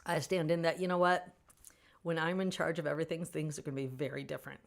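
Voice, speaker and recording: A woman with a lower-pitched voice chats casually on a livestream, reading out and answering fans' comments. She is animated and opinionated and laughs easily between thoughts. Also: fast talker, creaky. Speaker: author hosting a fan Q&A stream.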